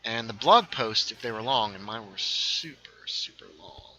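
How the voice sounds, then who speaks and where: Bright-voiced man chatting through a game stream. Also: fairly low pitch, expressive, poor audio. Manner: rambling, reads chat aloud, quick asides. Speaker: livestream host playing a game. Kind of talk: casual gaming livestream chat.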